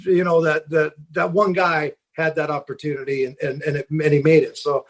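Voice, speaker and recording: Middle-aged man, captain, casual storyteller, rambling, a higher voice. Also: level tone, normal speed. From Seattle. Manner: rambling, with many fillers and restarts. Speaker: fishing boat captain, guest. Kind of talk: casual storytelling in a podcast interview.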